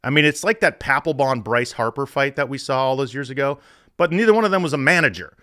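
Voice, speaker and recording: A middle-aged man hosting a sports podcast, telling stories in a profane, animated way. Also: medium pitch, fast, no room sound, clean studio sound. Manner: profane, animated storytelling with laughs. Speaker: podcast host.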